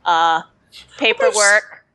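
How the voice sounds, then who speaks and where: A woman's voice: medium pitch, bright, forceful tone, clear, resonant tone. Laughing woman at a tabletop game. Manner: laughs often, quick offhand explanations. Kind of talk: casual tabletop role-play.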